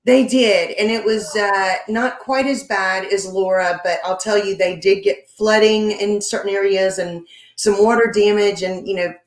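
A woman's voice: medium pitch, steady tone, moderate pace. Woman from louisiana, interview guest, friendly, laughs a lot, roomy echo. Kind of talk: casual interview.

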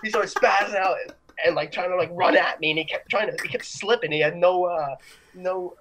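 A man's voice: high-pitched, steady tone, fairly quick, fairly bright tone, faint music behind, low-quality recording. A young man telling stories in a casual chat, rambling and laughing as he goes. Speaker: podcast co-host.

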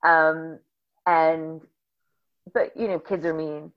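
Bubbly low-voiced woman telling stories. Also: slow. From Northern New Jersey. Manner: bubbly, animated storyteller who acts out quotes. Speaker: podcast guest. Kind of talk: casual storytelling interview. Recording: slightly dull lo-fi audio.

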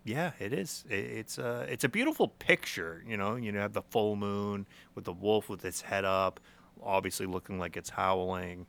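A man's voice: fairly low pitch, moderate pace, creaky, a bit bright. A young man co-hosting a podcast in casual chat, joking, laughing often and stumbling over repeated words. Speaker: podcast co-host.

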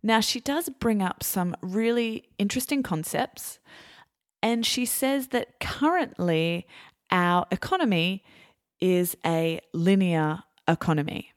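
An Australian woman hosting a podcast, explaining clearly and deliberately before interviewing a guest. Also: medium pitch, no room sound, clean studio sound. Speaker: podcast host.

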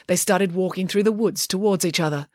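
A woman's voice: lowish voice, fairly quick, darkish tone, no echo, clean studio sound. A woman narrating a storybook in a playful, wry way. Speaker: audiobook narrator.

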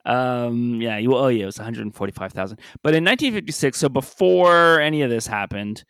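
A man's voice: mid-range voice, animated, fairly quick, a bit bright, clean tone, no echo, studio quality. A man co-hosting a podcast in casual chat, joking and laughing often. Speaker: podcast co-host.

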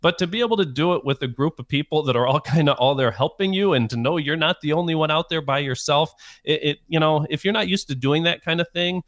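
A man from Chicago casually telling a story, animated and laughing as he talks. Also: a little high, fast, few pauses, no echo, clean studio sound.

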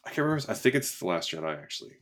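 A man's voice: sits low, very animated, rapid-fire, fairly bright tone. A man co-hosting a casual film review podcast, talking in a dry, weary way with many fillers and trailing remarks. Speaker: podcast co-host.

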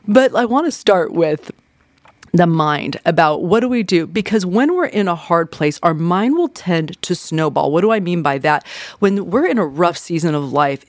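A woman's voice: on the low side, no room sound, studio quality. A middle-aged woman therapist hosting a podcast, giving casual, conversational advice with frequent fillers.

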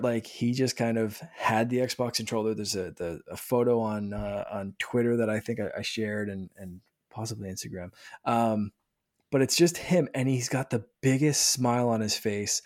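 A man in his thirties chatting casually as a podcast host, talking with excitement and often restarting his sentences. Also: on the low side. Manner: rambling, excited, many restarts. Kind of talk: casual chat.

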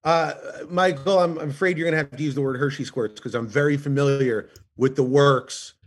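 A man guesting on a comedy podcast, telling jokes with animated delivery. His voice is a little high with a husky, breathy edge. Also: fairly quick. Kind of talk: casual joke telling.

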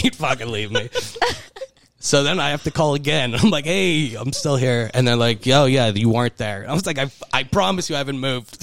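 A man co-hosting a podcast in a studio, telling a long story with lots of laughter and sudden high jumps in his voice when he acts out the panicked moments. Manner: animated storyteller, laughs through his words. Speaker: podcast co-host.

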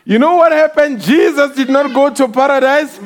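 A male preacher delivering an impassioned sermon, often shouting and crying out hallelujah as he acts out the voices in his stories. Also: very high voice, moderate pace. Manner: acts out quoted voices while storytelling. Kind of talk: fervent sermon.

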